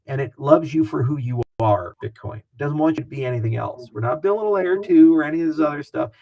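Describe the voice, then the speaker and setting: A man speaking as an interview guest, talking fast and animated in a casual, profane way. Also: mid-range voice, gravelly, slightly rough, poor audio.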